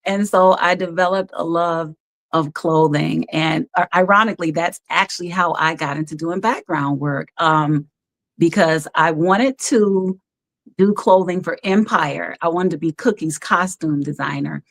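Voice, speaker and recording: A woman who works as a background actor, telling stories in an animated, chatty way as a talk-show guest, often laughing. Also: lowish voice, unhurried, vocal fry. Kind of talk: casual storytelling chat.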